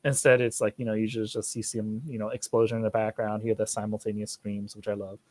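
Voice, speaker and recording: Speaking fast in a lowish voice, a young man hosts an informal podcast conversation. He's animated and profane, wandering from point to point as he talks.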